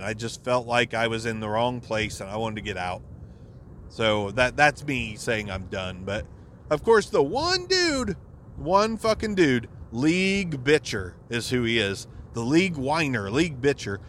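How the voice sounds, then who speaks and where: A man's voice: mid-range voice, lively intonation, measured pace, a bit bright, a little hiss or hum. A man hosting a podcast, delivering a casual, exasperated monologue full of profanity. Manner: profane, exasperated rant with frequent swearing. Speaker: podcast host.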